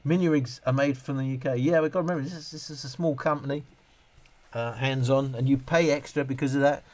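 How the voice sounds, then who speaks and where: He talks fast: a middle-aged man with a steady, slightly mellow mid-range voice, hosting a casual live stream. As he reads viewer comments, his answers wander, with frequent self-interruptions and restarts.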